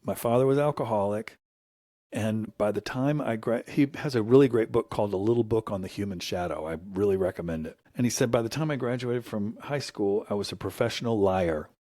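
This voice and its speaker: Brisk and mellow, with a lowish voice, this middle-aged American man is a guest telling stories in an earnest, reflective conversation. When he quotes someone his voice lifts. The studio-quality recording has no room sound.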